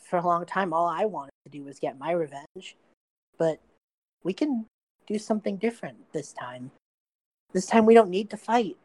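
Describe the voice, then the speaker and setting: A woman's voice: on the low side, moderate pace, long pauses, darkish tone, no room sound, natural voice, poor audio. A woman playing a young male prince who pleads earnestly and rambles, trying to make peace. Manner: earnest, rambling, eager to please.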